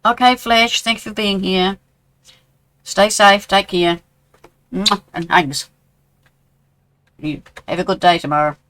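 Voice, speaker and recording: Streaming a game, a New Zealand-accented man in his sixties chats casually and replies to viewer messages. He speaks slowly in a high, steady tone with long pauses, and background noise is audible.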